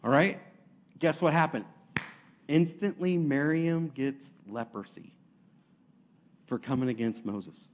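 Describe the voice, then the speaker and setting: A man preaching a sermon, retelling stories in a lively, casual way and acting out the quotes. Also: on the high side, slow, long pauses, lo-fi sound.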